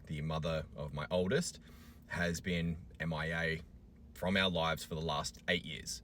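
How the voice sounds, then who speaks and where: A man's voice: low-pitched, fairly bright tone, a little hiss or hum. A man in his thirties with an Australian accent, a single father venting angrily in a vlog and swearing often. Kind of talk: emotional vlog rant.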